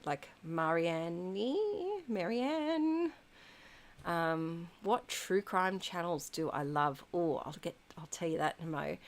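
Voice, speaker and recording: A woman in her thirties hosts a relaxed live stream, answering chat messages one by one. Her voice sits on the low side and she talks at an unhurried pace, filling pauses with ums and small giggles. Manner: chatty, frequent ums, giggles. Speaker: livestream host reading chat.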